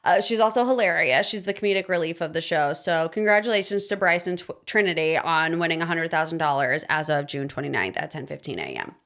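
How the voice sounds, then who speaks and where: A young woman hosting a podcast, giving an opinionated, sarcastic recap of a reality dating show in a casual, animated way. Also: lowish voice. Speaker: podcast host.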